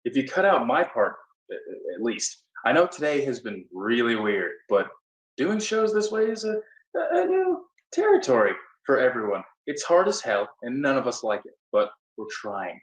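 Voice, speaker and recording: A man playing a conciliatory fellow actor who hesitantly tries to calm down an angry castmate. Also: medium pitch, moderate pace, close to an everyday voice. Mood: placating. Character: placating fellow actor Cliff, soothing the group. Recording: roomy echo, distant from the mic.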